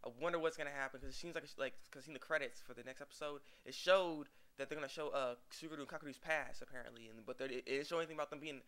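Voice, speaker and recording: Young guy rambling thru an anime recap, talks fast, bright voice, laughs a lot. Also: fairly high pitch, fairly even intonation, clean tone. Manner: rambling, acts out characters' lines with laughs. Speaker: anime reviewer. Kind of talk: casual episode recap.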